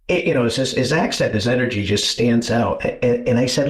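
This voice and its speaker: A man co-hosting a podcast, chatting in a playful, joking way and telling animated stories. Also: medium pitch, fairly quick, hardly any pauses. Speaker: podcast co-host. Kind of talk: casual chat.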